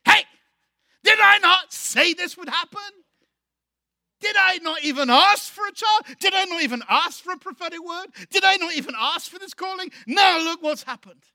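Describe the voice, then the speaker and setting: A man's voice: extremely high pitch, normal speed, pushed and bright, no echo, clean studio sound, voice pushed up, full character voice. A man preaching a sermon voices a grieving mother who is angry and pleading, firing off accusing questions. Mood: furious.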